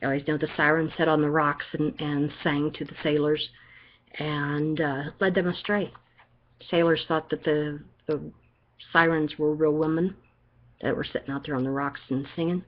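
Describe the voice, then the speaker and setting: Low-voiced older woman giving a psychic reading. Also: fairly even intonation, normal speed. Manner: chatty, reassuring, checks in with frequent "okay?". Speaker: psychic reader. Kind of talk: one-on-one card reading. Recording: dull lo-fi recording.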